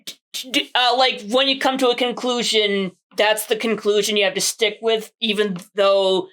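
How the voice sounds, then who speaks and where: A woman's voice: mid-range voice, fairly even intonation, moderate pace, a bit bright. A woman co-hosting a film podcast in casual chat, thoughtfully retelling scenes and quoting lines from them. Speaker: podcast co-host.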